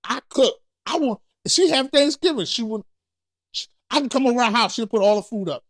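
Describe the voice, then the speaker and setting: A man co-hosting a podcast in casual chat, telling blunt and candid stories that grow loud when he acts out arguments. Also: extremely high pitch, lively intonation, a little fast, dry recording, clean studio sound. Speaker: podcast co-host.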